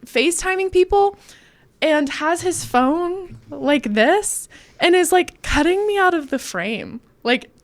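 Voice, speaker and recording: A woman's voice: extremely high pitch, animated, takes it slowly. A woman co-hosting a podcast, telling a personal story in casual chat, acting out quotes and laughing often.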